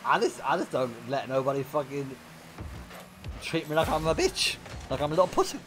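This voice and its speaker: Amid background noise, a young gamer with a fairly high voice tells rowdy stories at a brisk clip on his stream. He curses freely and laughs loudly, keeping things animated.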